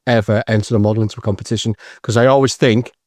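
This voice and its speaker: A man's voice: lowish voice, steady tone, rapid-fire, a little mellow, no echo, clean studio sound. A man talking in an earnest, reflective and modest way as a podcast co-host. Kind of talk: casual podcast chat.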